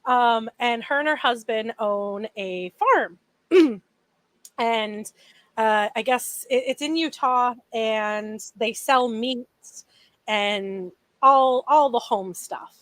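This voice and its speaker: A young woman co-hosting a podcast, recounting a story with lively energy and plenty of fillers. Her voice sits high, recorded dry and close. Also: takes it slowly, no echo. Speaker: podcast co-host. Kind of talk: casual chat.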